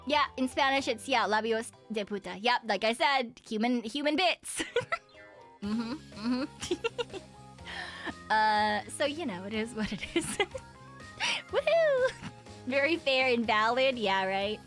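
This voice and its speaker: A VTuber streamer with a fairly bright, high, sing-song voice chats casually and slowly, pausing often over soft background music. She giggles a lot between sentences and rambles, full of fillers and self-corrections.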